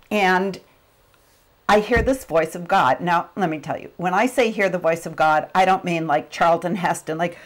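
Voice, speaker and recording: A woman's voice: fairly low pitch, normal speed. A middle-aged woman giving a motivational talk, telling a personal story and acting out the quotes. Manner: animated storyteller, acts out quotes. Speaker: motivational speaker.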